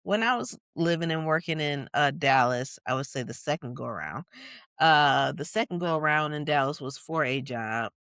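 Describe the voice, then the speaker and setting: A podcast co-host from Michigan tells a personal story in a thoughtful way, pausing on fillers and then rushing ahead. The voice sits in a middle pitch. The recording is close and dry. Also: lively intonation, a bit bright, no echo. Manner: thoughtful, lots of fillers, quick narration bursts. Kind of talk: reflective storytelling in casual podcast chat.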